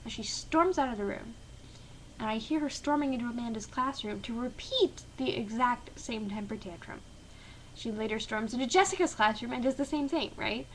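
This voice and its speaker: A woman's voice: fairly high pitch, normal speed, a little hiss or hum, rough recording. A woman teacher telling a story to camera in a blunt, sarcastic, chatty way. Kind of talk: casual storytelling vlog.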